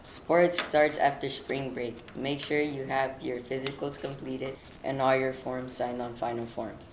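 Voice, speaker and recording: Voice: mid-range voice, level tone, measured pace. A student anchor reading school news announcements plainly. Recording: echoey room with faint noise.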